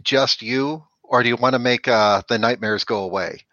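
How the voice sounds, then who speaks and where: A man's voice: medium pitch, moderate pace, pushed and bright, dry recording, muffled recording. A man playing a tabletop game, speaking pushily and threatening in character. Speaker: player.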